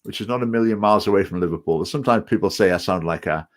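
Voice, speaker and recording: A man's voice: low-pitched, very fast. A man with a Stoke-on-Trent English accent, chairing a party and answering viewer comments in a casual live stream, hesitant and often repeating words. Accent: Stoke-on-Trent English with some Scottish phrases. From England. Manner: hesitant, repeats words, digressive opinionated talk.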